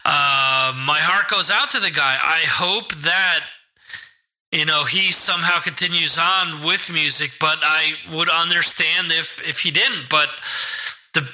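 A man's voice: fairly high pitch, a little slow, pushed and bright, poor audio. A man hosting a podcast, talking casually on his own, rambling with lots of restarts and fillers. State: hiccuping. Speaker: podcast host. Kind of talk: casual solo podcast talk.

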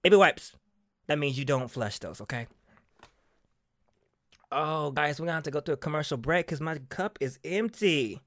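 A man's voice: on the high side, animated, creaky, fairly bright tone, no room sound, clean studio sound. A man hosting a casual chat show, sassy and theatrical, calling his listeners honey and repeating words for emphasis. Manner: drawn-out, emphatic repetition. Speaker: podcast host.

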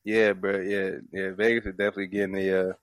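A man co-hosting a casual sports podcast, laughing often and telling stories with animated quoted voices. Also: fast talker. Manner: laughs often, tells stories with high-pitched acted quotes. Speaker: podcast co-host.

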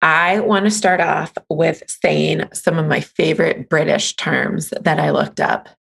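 A woman co-hosts a podcast in relaxed, playful conversation and is quick to laugh. Her voice sits low, with a husky, gravelly edge. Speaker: podcast co-host. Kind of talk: casual podcast chat.

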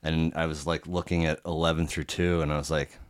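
A man's voice: a bass voice, little pitch movement, fairly quick, no room sound, clean studio sound. A man talking as a podcast guest in a casual conversation, rambling and cursing freely, with many restarts.

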